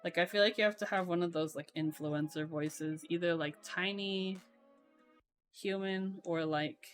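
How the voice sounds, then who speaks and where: A young woman streaming, chatting casually while she builds a keyboard, in a voice she calls monotone and with frequent laughter. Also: on the low side, a little slow, faint music behind. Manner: self-described monotone voice, laughs often.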